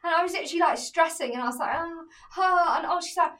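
A woman's voice: extremely high pitch, very fast, recorded from a distance. A young woman co-hosting a podcast, telling a story in casual chat and acting out what people said. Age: young adult. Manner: animated storyteller acting out quotes. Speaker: podcast co-host.

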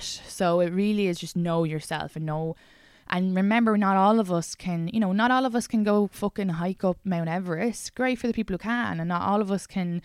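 An Irish woman talks alone into a podcast microphone, rambling from one tangent to the next with plenty of swearing and jokes at her own expense. Her voice is lowish and smooth, close and dry with no room sound. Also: dry recording. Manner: chatty, rambling, frequent swearing and self-deprecating asides. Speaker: podcast host and stand-up comedian. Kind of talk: casual solo podcast monologue. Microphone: studio podcast microphone.

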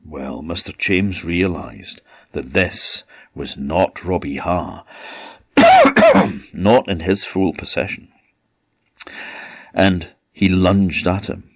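Orcadian male folk storyteller; very low voice, deliberate dramatic pauses. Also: no room sound, clean studio sound. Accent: Orcadian Scottish. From Orkney, Scotland. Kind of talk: traditional ghost-story telling.

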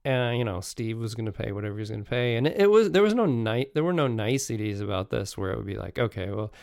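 A man casually telling travel stories as a podcast host, halting and restarting often, with frequent chuckles. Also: mid-range voice, big pitch swings, gravelly, a little mellow, dry recording, clean studio sound.

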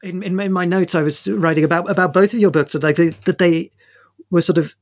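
A man's voice: sits high, steady tone, brisk. A man interviewing authors, hesitant and full of fillers and restarts. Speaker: interviewer host. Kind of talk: book interview.

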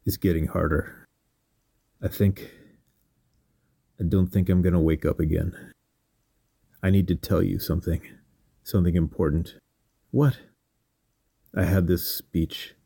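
A man voicing a dying old giant who is gentle and proud, speaking weakly and faintly. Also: sits low, vocal fry, slightly rough, dry recording, heavily acted. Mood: weak, tender. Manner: weak, faint, slow speech.

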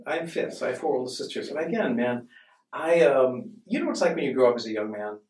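Man from Boston, podcast guest, animated and profane, room echo, mic set back. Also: mid-range voice, fast talker. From Boston, USA. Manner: animated, frequent swearing. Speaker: podcast guest, wine expert. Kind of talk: casual conversation. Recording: roomy, distant mic.

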